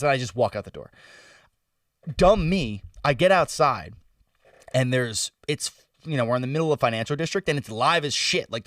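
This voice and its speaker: A young man casually telling a story on a podcast, loose and animated, with lots of "like" and "bro". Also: fairly high pitch, no echo, recorded from a distance. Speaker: podcast co-host. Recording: dry sound, set back from the mic.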